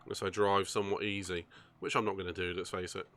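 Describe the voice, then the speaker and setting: A man chatting casually while playing a racing game on a live stream, excitable and quick to laugh. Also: low-pitched, slight background noise. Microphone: far from the microphone.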